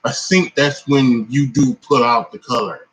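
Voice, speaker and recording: Tired man, mid-pitch voice, rambling casual wrestling reaction full of fillers and restarts. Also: steady tone, unhurried, rough recording. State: tired, yawning. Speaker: wrestling commentator.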